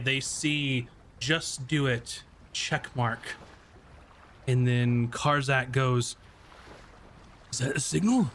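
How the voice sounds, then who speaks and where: A man running a tabletop game who narrates scenes casually and loosely, with plenty of pauses and fillers. His voice is mid-pitched and relaxed. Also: a little hiss or hum. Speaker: game master.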